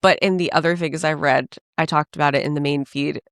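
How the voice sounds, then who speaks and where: This woman's deep voice moves fairly quickly as she chats on the podcast she co-hosts, animatedly voicing the people in her stories. It's a dry recording with clean studio sound.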